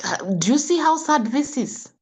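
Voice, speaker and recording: A middle-aged Kenyan-accented woman, a health coach, gives an impassioned talk in a high, sing-song voice with a darkish tone and a moderate pace. She lectures parents with scolding rhetorical questions.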